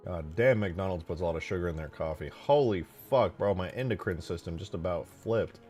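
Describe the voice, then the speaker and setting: A man's voice: low-pitched, lively intonation, unhurried, a little mellow, faint music behind. A young man hosting a casual livestream, rambling, joking and swearing freely as he chats. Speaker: livestream host.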